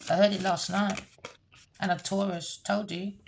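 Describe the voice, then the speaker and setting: A woman's voice: medium pitch, level tone, measured pace, gravelly, a little hiss or hum. A woman giving a heated, repetitive tarot reading rant, cursing and scolding. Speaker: tarot reader.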